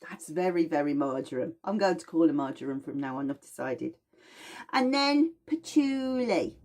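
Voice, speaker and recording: A woman teaching aromatherapy in a casual, chatty demonstration, lively and playful as she explains. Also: extremely low pitch, brisk. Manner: chatty, animated, with playful put-on voices.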